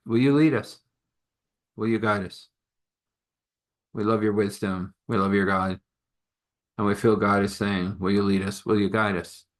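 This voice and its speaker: A man's voice: on the low side, fairly even intonation, a little slow, pauses often, close to an everyday voice. A man voicing an earnest dragon pleading in a told story.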